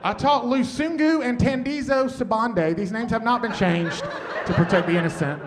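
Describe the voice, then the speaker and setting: High-voiced man doing stand-up. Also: normal speed, a crowd in the background. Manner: deadpan, drops to muttered asides. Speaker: stand-up comedian. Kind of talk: stand-up set. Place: comedy stage with laughing audience. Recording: noisy stage recording.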